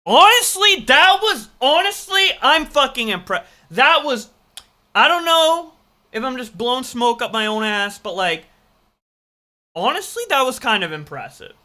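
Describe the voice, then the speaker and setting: Brief: reaction streamer, bright and punchy, swears a lot, laughs at their younger self. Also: sits high, unhurried. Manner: swearing, excitable, self-mocking. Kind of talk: casual reaction commentary.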